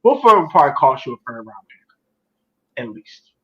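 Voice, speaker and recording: A man's voice: mid-range voice, very animated, measured pace, muffled recording. A man co-hosting a casual sports talk show, telling stories emphatically and repeating himself for effect. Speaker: podcast co-host.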